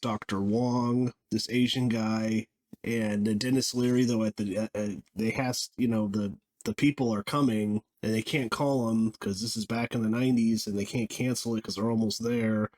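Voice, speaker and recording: A man giving a casual spoken film review, rambling and halting, with frequent restarts and small laughs. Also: medium pitch, darkish tone.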